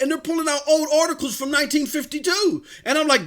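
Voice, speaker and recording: A man hosting a live stream, talking excitedly about gaming with frequent shouted bursts. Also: extremely high pitch, fast. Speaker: livestream host.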